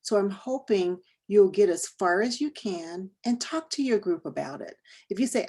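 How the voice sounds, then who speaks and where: Mellow-voiced woman trainer questioning her group. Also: medium pitch, lively intonation, slightly rough. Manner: conversational, quizzes the group with quick questions. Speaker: workshop trainer. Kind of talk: interactive training session.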